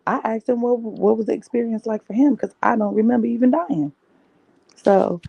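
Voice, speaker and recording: A young woman, telling a personal story candidly on her podcast in a conversational, animated way. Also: mid-range voice, vocal fry, slightly rough, dry recording. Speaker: podcast host. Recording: dull, dry, lo-fi mic.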